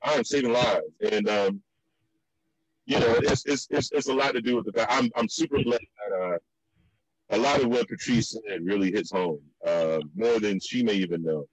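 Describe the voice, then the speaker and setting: A man from the Virginia and DC area telling stories in a casual chat, with many restarts and high jumps in pitch for the quotes. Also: moderate pace, no room sound, rough recording. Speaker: guest.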